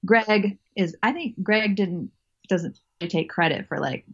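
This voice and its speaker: A woman's voice: mid-range voice, expressive, slow, breathy edge, muffled recording. A woman guest telling a story in a casual interview, chatty, laughing often and restarting her sentences.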